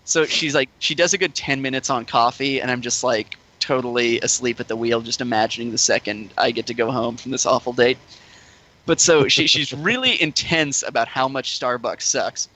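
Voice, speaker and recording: A man in casual podcast chat, telling an animated story full of "like" and swearing, often acting out what people said. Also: medium pitch, moderate pace. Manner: animated, heavy use of "like", swears freely, acts out quoted voices.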